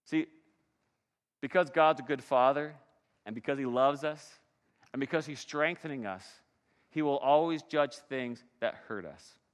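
A pastor preaching a sermon with dynamic delivery, swinging between soft and loud passages. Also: male voice, mid-range voice, unhurried, pauses often, clean tone, in a large hall.

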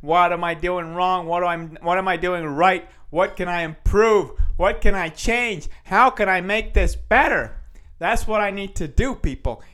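A young man with a high, bright-sounding voice hosts a goofy solo podcast. He talks in an animated, self-motivating way, looping his phrases and swinging between loud bursts and quieter asides. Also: a little slow. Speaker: podcast host and stand-up comedian. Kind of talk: casual solo podcast monologue.

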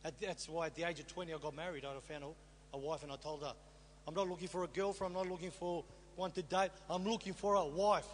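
A middle-aged man delivers his testimony as a sermon to a congregation, using rhetorical questions as he tells his story. His voice sits on the high side, with fairly even intonation and a quick pace. The recording picks up a reverberant hall and a faint hum.

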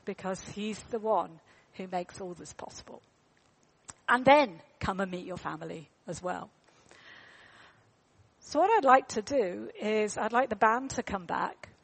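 A woman, telling a story in a sermon in a chatty way, with fillers and repeated words. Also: on the high side. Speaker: preacher.

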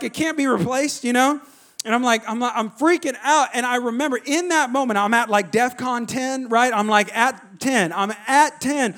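A male pastor, preaching a sermon with animated storytelling and frequent restarts. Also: very high-pitched, fairly quick.

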